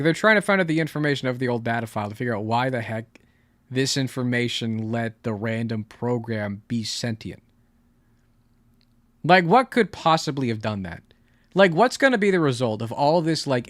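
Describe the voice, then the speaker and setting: A man's voice: medium pitch, no echo. A male streamer chatting casually while he reacts, rambling with lots of "like," swearing and laughing.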